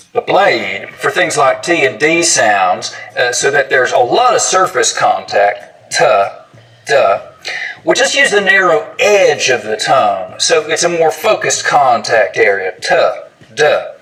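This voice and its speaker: A man's voice: medium pitch, sing-song, measured pace, pushed and bright, soft background music, low-quality recording. A man, an accent expert, giving scripted educational narration and modelling sounds and words aloud.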